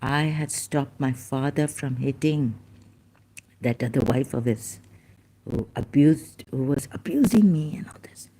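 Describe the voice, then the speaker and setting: A YouTube channel host delivers a ranting monologue aimed at his commenters, agitated and rambling with apologetic asides. His mid-range voice is warm and measured in pace.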